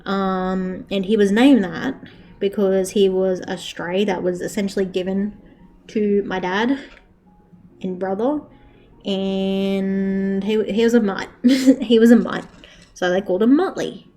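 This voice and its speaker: A woman's voice: medium pitch, little pitch movement, takes it slowly, dark tone, faint music behind. A young woman chatting casually on a live stream while she crochets, swearing freely and laughing often.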